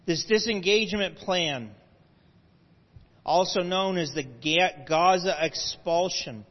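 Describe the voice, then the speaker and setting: High-voiced man lecturing in a reverberant hall. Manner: explanatory, with asides and self-corrections. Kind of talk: lecture to a live audience. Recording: dull lo-fi audio with long hall reverb.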